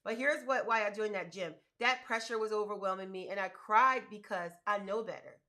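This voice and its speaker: A woman's voice: mid-range voice, normal speed, bright, forceful tone. A woman in her fifties hosting a casual livestream for viewers, talking emphatically and repeating her key words. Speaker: business coach and livestream host.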